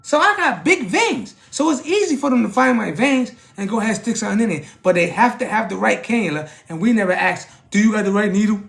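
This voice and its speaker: A man talking casually to his livestream chat, animated, often asking "you know what I'm saying" and jumping up in pitch when he acts out conversations. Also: fast talker, creaky, hardly any pauses. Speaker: streamer.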